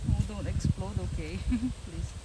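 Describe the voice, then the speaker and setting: A woman's voice: mid-range voice, a little slow. Nervous giggly woman outdoors. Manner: nervous, giggly, keeps saying she is scared. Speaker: livestream host. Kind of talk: casual live-stream chat. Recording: loud outdoor background noise.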